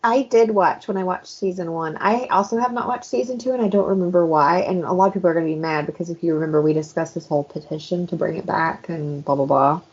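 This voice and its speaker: A woman co-hosting a book podcast in casual chat, lively and quick to act out what others said. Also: fairly low pitch. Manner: animated, acts out quotes of others. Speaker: podcast co-host. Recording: dull lo-fi podcast audio.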